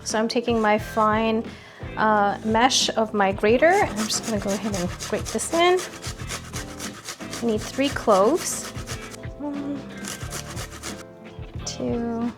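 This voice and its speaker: A woman hosting a cooking video, chatting playfully as she walks through each step of a recipe. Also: a little high. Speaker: cooking show host. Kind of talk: casual cooking demonstration. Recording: background music under voice.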